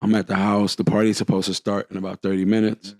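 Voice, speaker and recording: Low-voiced man telling a story. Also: quick pace, no room sound. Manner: animated storyteller acting out quotes. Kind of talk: casual storytelling.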